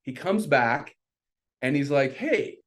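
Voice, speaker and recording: A middle-aged man, a podcast guest, tells a story in a casual conversation at normal speed. He's animated, jumping up into high voices whenever he quotes someone.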